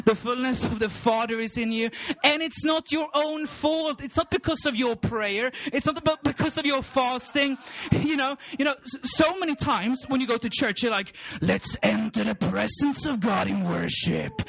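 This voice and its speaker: Very high-voiced exuberant male preacher. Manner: exuberant, laughing often, repeating words, shouting at peaks. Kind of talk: sermon.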